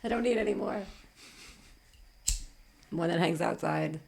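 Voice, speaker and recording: A woman's voice: lowish voice, a little slow, creaky, a little mellow, slightly rough. A woman from Long Island co-hosting a podcast in casual chat, joking along and laughing often. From Long Island, New York. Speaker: podcast co-host.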